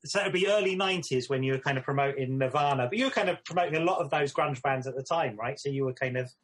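A man's voice: mid-range voice, fast talker, fairly bright tone. A man hosting a podcast, easygoing and asking prompting questions. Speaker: podcast host. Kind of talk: casual interview.

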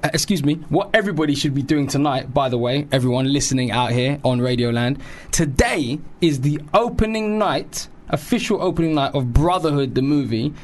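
A man's voice: a little high, animated, fairly quick, hardly any pauses, a little mellow. A man co-hosting a radio show in a studio, playful and teasing with jokey asides. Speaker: radio co-host. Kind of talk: casual radio banter.

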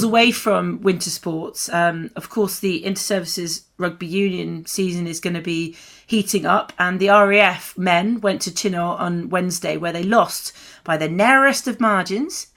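A woman co-hosts a radio sports segment in a relaxed, chatty way. Her voice has a gravelly, fry-tinged texture, and she leans on fillers as she talks. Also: on the low side, normal speed. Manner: chatty, many fillers, light laughs. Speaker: radio show co-host. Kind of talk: casual chat and news read.

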